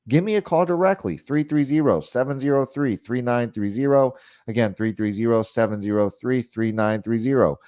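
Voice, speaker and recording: A man's voice: mid-range voice, a little mellow, dry recording, studio quality. A man giving casual sales coaching, talking it through with lots of fillers and acting out customer lines. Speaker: sales trainer.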